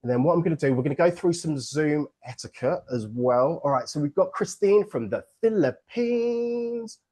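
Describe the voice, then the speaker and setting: A man's voice: fairly high pitch, animated, moderate pace, warm tone. A man from England with an English accent, hosting an online book launch on a video call in an upbeat, joking, playful way.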